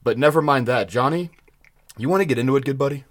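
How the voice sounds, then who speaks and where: A man's voice: mid-range voice, quick pace. An easygoing man co-hosting a casual podcast, talking in a folksy way. His speech sounds slightly odd after dental work. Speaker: podcast co-host.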